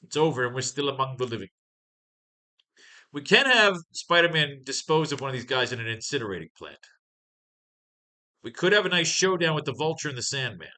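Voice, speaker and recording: A man running a writing class, wisecracking and swearing his way through comic pages. His voice is bright and forceful, and his delivery is loose and excitable. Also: mid-range voice, fairly quick, pauses often. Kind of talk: casual comic read-along commentary.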